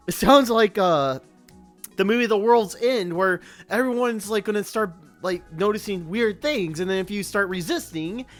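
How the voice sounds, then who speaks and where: A VTuber doing casual reaction commentary, animated and prone to joking rants. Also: medium pitch. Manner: animated, ranting, joking asides.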